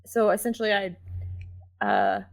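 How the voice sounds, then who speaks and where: A woman's voice: medium pitch, big pitch swings, measured pace, creaky. A young adult woman talking candidly as a podcast guest, chatty and laughing often, with lots of filler words. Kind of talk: casual conversational chat.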